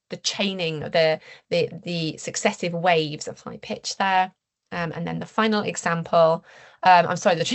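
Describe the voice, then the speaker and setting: Speaking in a low, gravelly voice, a woman researcher explains her findings at an academic seminar. She keeps a measured pace yet often pauses with "um" and starts her sentences over.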